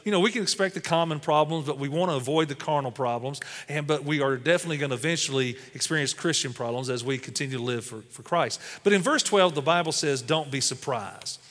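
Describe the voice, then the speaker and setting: A man's voice: a little high, fast talker, hardly any pauses, a bit bright, big-room sound. A man preaching a sermon as pastor, speaking conversationally with lots of "you know" fillers.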